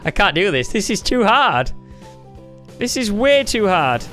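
A woman commentating over her own gameplay in a loose, playful way, getting excited and talking to herself as she goes. Her pitch swings widely from high to low. Game music plays underneath her voice. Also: unhurried. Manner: excitable, playful, talks to herself while playing. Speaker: gaming YouTuber.

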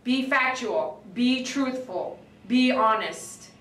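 A woman dog groomer chatting on a livestream, reading viewer comments and telling stories in an animated, excitable way that breaks into shouts. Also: on the high side, slow pace, recorded from a distance. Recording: echoey room, voice away from the mic.

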